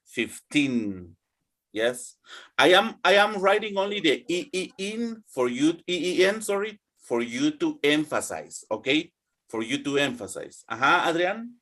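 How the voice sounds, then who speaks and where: A man's voice: on the high side, big pitch swings, normal speed, fairly bright tone. A man teaching English numbers, patiently drilling students and checking in with them often. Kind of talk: online English pronunciation lesson.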